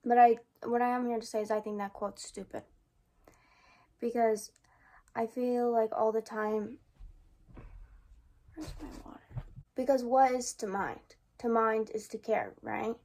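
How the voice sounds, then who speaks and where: A woman's voice: a little high, fairly even intonation, measured pace, warm tone. A young woman talking casually to her camera in a vlog, rambling and musing, sometimes exasperated. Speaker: vlogger.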